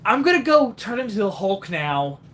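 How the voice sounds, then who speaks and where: A streamer doing an impression of a cocky cartoon hedgehog hero in a high, bouncy voice. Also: sing-song, normal speed, a bit bright. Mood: teasing.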